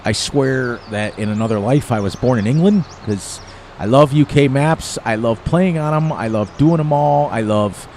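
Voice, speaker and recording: A man's voice: medium pitch, moderate pace, a little mellow, slight background noise. A man in his sixties from the eastern United States, chatting casually and rambling while playing a farming game, often laughing at his own jokes. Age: 60s. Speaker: gaming streamer. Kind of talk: casual gameplay commentary.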